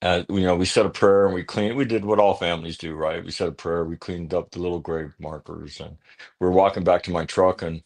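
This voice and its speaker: A man's voice: low voice, fairly even intonation, fairly quick. A man, an author guest on a talk show, earnestly telling a personal story and often checking in with "right?". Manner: earnest, punctuates thoughts with "right?"; blunt at times.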